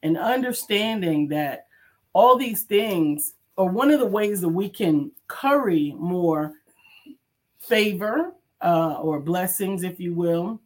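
A woman's voice: fairly low pitch, lively intonation, slow. A woman co-hosting a casual morning talk show, greeting listeners and reading messages aloud. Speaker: co-host.

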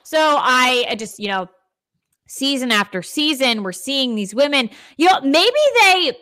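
A woman's voice: high-pitched, lively intonation, unhurried, pushed and bright, dry recording. A woman co-hosting a podcast from a dim room at home, chatting casually and filling her talk with "like.". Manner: chatty, lots of "like" fillers. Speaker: podcast co-host. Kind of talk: casual chat.

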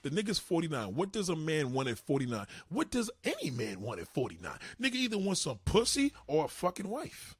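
A man's voice: fairly high pitch, wildly swooping pitch, fairly quick, hardly any pauses, husky, no room sound, studio quality. A man ranting casually and profanely to his viewers, acting out both sides of conversations. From New York. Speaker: commentator.

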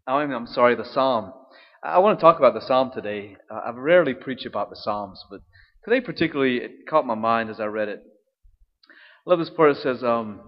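A man with a drawl gives an easygoing homily in a conversational tone, often checking in with "right?". His voice carries a long church echo and sounds a little muffled. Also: medium pitch. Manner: conversational, frequent "right?" tag questions. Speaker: priest. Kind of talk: casual homily. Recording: dull sound with long hall reverb.

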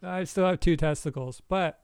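A man's voice: on the high side, normal speed, darkish tone, smooth, dry recording. A man in his forties rambling through a casual podcast chat and laughing often while he tells stories. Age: 40s. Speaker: podcast co-host.

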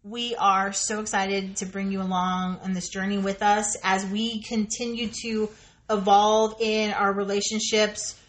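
A woman's voice: mid-range voice, little pitch movement, a little slow. A woman co-hosting a podcast, chatting candidly and swearing freely. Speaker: podcast co-host. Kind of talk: casual chat.

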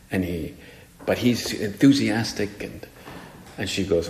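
A man's voice: deep voice, fairly even intonation, unhurried, slight background noise. A man giving a spoken meditation as a priest, talking in a conversational, musing way with frequent restarts, in an echoey hall with faint music behind.

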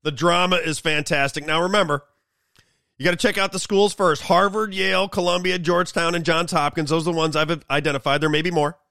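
Brief: male show host, sarcastic political rant, high gravelly voice, dry close sound. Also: fairly even intonation, fairly quick, bright, forceful tone, no room sound. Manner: sarcastic, mocking. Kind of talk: political commentary monologue.

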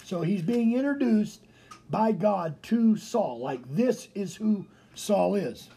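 Male pastor, animated broadcast sermon, slow deliberate delivery, wide pitch swings. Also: slightly rough. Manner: animated preaching, repetitive emphasis.

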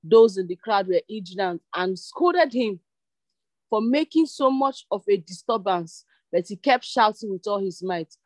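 A woman pastor reading a Bible passage aloud in a steady way. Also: medium pitch, a little slow, no echo, low-quality recording. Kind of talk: scripture reading.

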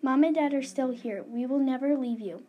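A woman's voice: sits high, normal speed, lo-fi sound. A woman doing a worried mother. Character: worried mother waking her daughter.

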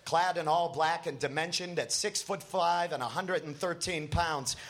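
A comedian reading a comic story aloud at a comedy festival, narrating an absurd tale with a straight delivery. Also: male voice, fairly high pitch, normal speed, a bit bright.

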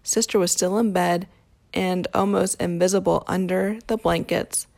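A woman reading a picture book aloud to a child, telling the story in a calm, steady way. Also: fairly low pitch, moderate pace, creaky. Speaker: storybook reader.

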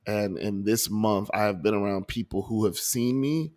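This podcast host has a lowish, darkish voice and a moderate pace. Speaking into a desk microphone, he earnestly and emotionally reflects on his month as a personal audio journal, frequently restarting sentences and repeating words.

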